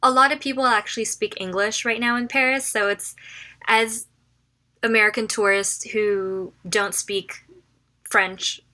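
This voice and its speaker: Bright-voiced woman teaching phrases. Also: on the high side, steady tone. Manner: chatty and informal, repeats phrases slowly for learners. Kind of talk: casual language lesson.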